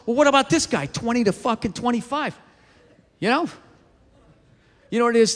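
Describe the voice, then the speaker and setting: Stand-up comic, male, very high and bright voice, heard in a reverberant hall. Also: fast talker, long pauses. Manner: profane, rambling, animated rants with acted-out quotes. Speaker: stand-up comedian. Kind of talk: stand-up comedy routine.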